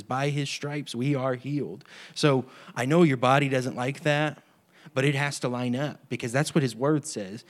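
A man giving an informal sermon-style teaching on healing prayer, earnest and conversational, acting out the voices of people in his stories. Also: medium pitch. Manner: earnest, acts out quoted voices. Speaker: healing ministry leader.

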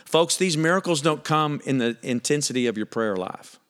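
A male preacher with a somewhat high voice delivers an animated sermon in a church. He punches his loud lines hard and then falls quiet and earnest. His delivery is emphatic throughout. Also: moderate pace, clear, resonant tone.

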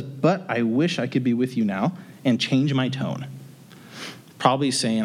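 A man leading a relaxed verse-by-verse Bible teaching at an everyday middle pitch. He talks to his listeners plainly and conversationally and drops in light joking asides as he reads and explains. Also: breathy edge.

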